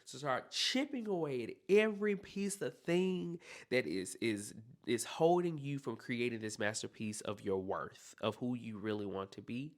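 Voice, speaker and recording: A man's voice: mid-range voice, animated, a little slow, few pauses. A man hosting a solo podcast, talking earnestly and encouragingly straight to the listener. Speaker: podcast host.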